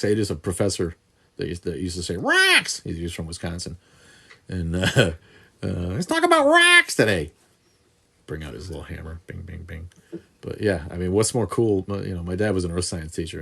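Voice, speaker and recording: A man's voice: deep voice, darkish tone. A man hosting a casual livestream Q&A from an indoor room on a phone camera, rambling and joking crudely. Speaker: livestream host answering viewer questions. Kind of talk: casual live chat. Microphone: phone camera in selfie mode.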